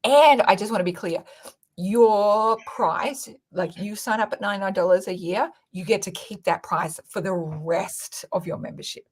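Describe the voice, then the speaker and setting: A woman hosting a casual livestream, reading viewer comments aloud and pitching her course in a frank, excitable, sweary way. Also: moderate pace. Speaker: online business coach hosting a livestream.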